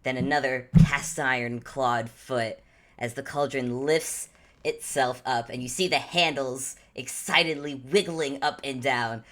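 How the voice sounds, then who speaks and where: A woman with a strikingly deep voice narrates a tabletop game as game master. She tells the scene in an animated, descriptive way and often corrects herself mid-sentence. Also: measured pace.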